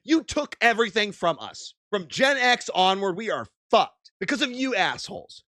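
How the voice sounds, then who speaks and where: A man's voice: high-pitched, sing-song, normal speed, bright, forceful tone, dry recording, studio quality. A young man streaming, ranting and swearing in exasperated commentary.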